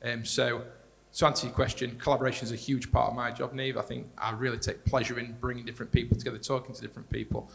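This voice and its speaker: A man speaking as a panelist in a live discussion, talking quickly and conversationally and repeating words as he restarts. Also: mid-range voice, level tone, gravelly. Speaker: panelist, director of strategic partnerships. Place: large hall at a live panel event. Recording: reverberant hall.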